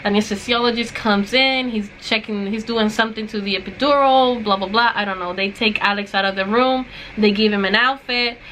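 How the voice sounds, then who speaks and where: A woman's voice: mid-range voice, fairly even intonation, brisk, fairly bright tone, a little hiss or hum. A young woman in casual vlog style, rambling through a story with many likes and ums, recovering from surgery. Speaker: new mother.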